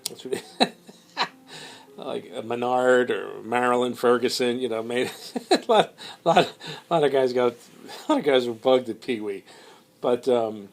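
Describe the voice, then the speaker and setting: A man's voice: medium pitch, unhurried, gravelly, long pauses. Man rambling through a story. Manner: rambling, with many fillers and quoted voices. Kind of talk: casual anecdote telling.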